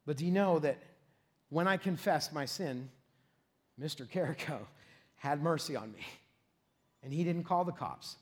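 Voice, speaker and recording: High-voiced, animated pastor telling a story. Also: male voice, measured pace, long pauses. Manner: animated, self-deprecating, laughs often, shouts at peaks. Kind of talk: storytelling sermon.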